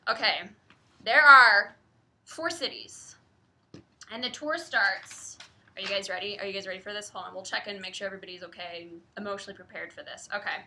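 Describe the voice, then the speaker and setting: A woman's voice: medium pitch, fairly quick, bright, forceful tone. A young woman from the Midwest co-hosting a casual live book stream, giggling often and reading out viewer comments. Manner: giggly, chatty, reads viewer comments aloud. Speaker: host.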